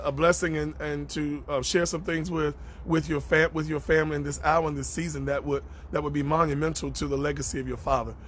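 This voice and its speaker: This man's voice sits high with a bit of brightness. Ministering over a live stream, he reads and answers viewer comments in preacher style, stressing points through repetition and welcoming people by name between thoughts.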